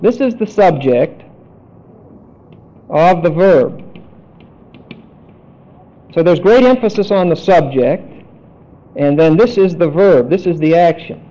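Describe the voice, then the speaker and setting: A man teaching a Bible study lecture, deliberate and emphatic, spelling out Greek words. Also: a little high, lively intonation, dark tone. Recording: dull lo-fi recording.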